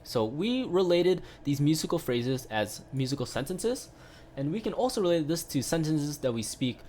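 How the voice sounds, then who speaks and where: A man's voice: on the high side, moderate pace, slight background noise. Casual male piano teacher explaining at the keyboard. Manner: relaxed, explanatory, frequent "right?" tag questions and fillers. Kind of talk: casual online piano lesson.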